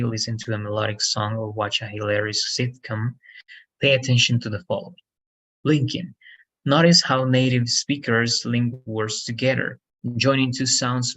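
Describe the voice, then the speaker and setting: A man's voice: mid-range voice, a bit bright, poor audio. A man whose first language is Spanish, giving an online English lesson, explaining step by step, correcting himself and often asking "right?". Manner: explanatory, frequent "right?" checks, self-corrections. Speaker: English teacher.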